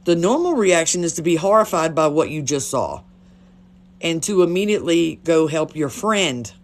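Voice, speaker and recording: A blunt, chatty woman with a drawl and a low-sitting voice livestreams, telling stories straight into her phone at a moderate pace. Her lively voice swings expressively up and down, and she swears without a second thought.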